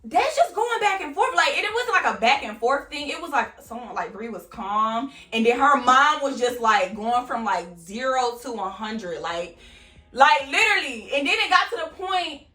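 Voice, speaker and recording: Chatty young woman, bright, roomy. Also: high voice, expressive, moderate pace, distant mic. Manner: chatty, candid, swears freely. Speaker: vlogger. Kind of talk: casual storytime vlog. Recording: roomy, off-mic, faint music.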